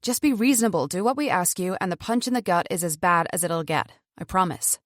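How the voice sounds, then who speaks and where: A woman's voice: fairly low pitch, expressive, fairly quick, no room sound, studio quality, natural voice. A woman reading an audiobook, voicing a chatty, patronising woman captor who holds a gun and talks falsely soothing. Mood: coolly menacing.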